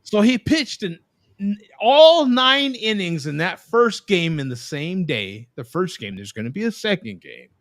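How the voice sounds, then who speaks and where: A man's voice: high-pitched, sing-song, a little slow, a bit bright, dry recording, clean studio sound. A man hosting a live web show from a video call, chatting casually and explaining things to his viewers. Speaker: host.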